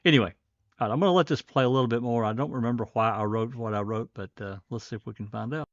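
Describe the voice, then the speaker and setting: A man hosting a casual livestream, talking in a rambling, halting way with a faint Southern American accent. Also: medium pitch, no echo. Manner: rambling, halting, many fillers. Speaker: livestream host. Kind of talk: casual commentary. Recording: dull dry lo-fi stream.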